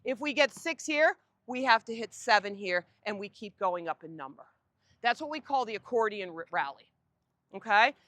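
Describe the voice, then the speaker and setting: A woman coaching a group on an outdoor tennis court, giving lively directions and asking the group questions. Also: medium pitch, moderate pace, no room sound.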